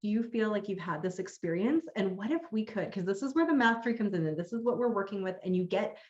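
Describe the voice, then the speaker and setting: A woman's voice: mid-range voice, lively intonation, quick pace, darkish tone. A woman hosts a live-streamed conversation over a video call, enthusiastic and affirming toward her guest and the viewers. Her voice sits in a roomy space with noticeable echo. The call audio sounds dull and lo-fi. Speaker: host.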